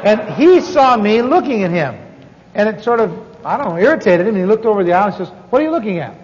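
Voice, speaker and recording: A man's voice: high-pitched, lively intonation, quick pace, a little mellow, slight background noise. A man telling a story in a sermon, folksy and self-deprecating, with many asides and restarts. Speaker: preacher teaching on evangelism. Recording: dull sound with long hall reverb.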